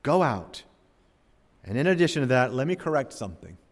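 A man preaching a sermon in a church, swinging between loud emphasis and quiet drops. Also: medium pitch, big pitch swings, rapid-fire. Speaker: pastor. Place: church sanctuary. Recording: long church hall reverb.

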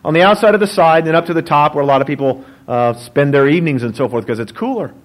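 Animated joking preacher, man, high voice. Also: fast talker, rough recording. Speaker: pastor. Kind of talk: sermon.

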